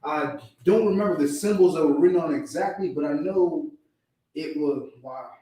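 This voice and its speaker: A man in a class, reading scripture slowly, then recalling things in a rambling way. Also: a little high, mellow. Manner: slow deliberate reading, rambling recollection. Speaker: class member. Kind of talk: reading scripture and casual chat. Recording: echoey room from a distance.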